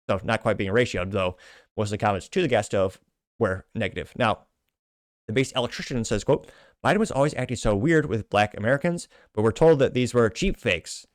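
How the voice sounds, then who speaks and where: A man's voice: on the low side, no echo, clean studio sound. A man hosting a casual commentary show, reading out comments with wry, joking asides. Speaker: host.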